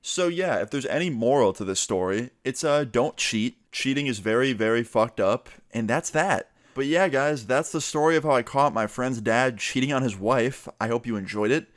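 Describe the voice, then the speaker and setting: A young man telling a story on his vlog in a casual, animated way, swearing freely and raising his voice to act out what others said. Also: mid-range voice, normal speed, hardly any pauses, no room sound, clean studio sound. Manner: animated, swearing, acts out quotes in raised voice. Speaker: vlogger telling a story time.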